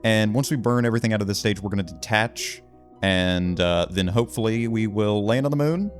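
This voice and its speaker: A man giving casual let's-play commentary, excitable and talking himself through each move of a game. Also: lowish voice, brisk, faint music behind. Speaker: gaming video host.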